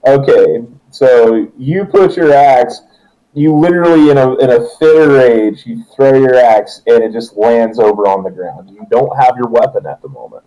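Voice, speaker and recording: A man's voice: mid-range voice, animated, normal speed, mellow, lo-fi sound. A young man running a tabletop game as its game master, joking and laughing through loose narration.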